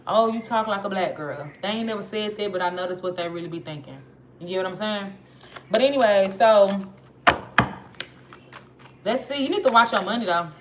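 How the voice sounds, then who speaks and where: A woman's voice: medium pitch, brisk, long pauses. Chatty Southern woman tarot reader. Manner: chatty, slangy, talks straight to viewers. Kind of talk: casual tarot reading for viewers. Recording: noisy with clicks.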